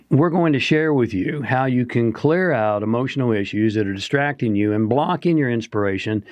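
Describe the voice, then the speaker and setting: A man's voice: mid-range voice, darkish tone, dry recording. A man co-hosting a motivational talk show, speaking earnestly and asking the listener rhetorical questions. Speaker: podcast co-host.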